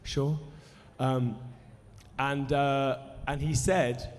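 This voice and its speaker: A man's voice: mid-range voice, normal speed, a little mellow, slight background noise. A nervous man in his thirties rambles through a sweary, self-mocking story for a live audience. His voice rings out in a cinema hall with a long reverb tail. A faint murmur of the room sits underneath. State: nervous, dry mouth. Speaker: musician introducing a film screening.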